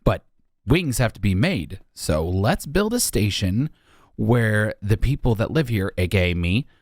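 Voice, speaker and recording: A man giving casual, jokey commentary while building in a video game, his voice jumping up high when he exclaims. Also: big pitch swings, measured pace, darkish tone, dry recording, studio quality. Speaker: Minecraft YouTuber.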